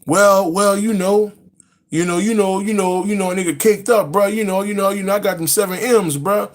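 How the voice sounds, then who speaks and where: Guy putting on a nervous rich dude on the phone, stammering, high-ish voice, you know you know. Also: steady tone, normal speed, natural voice. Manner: stammering, full of fillers. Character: scared rich man caller, rambling and stammering.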